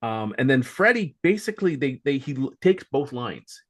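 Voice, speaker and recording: A man's voice: mid-range voice, sing-song, moderate pace. A man as guest co-host on a movie podcast, casually explaining how scenes changed. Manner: explanatory, comparing lines. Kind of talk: casual chat.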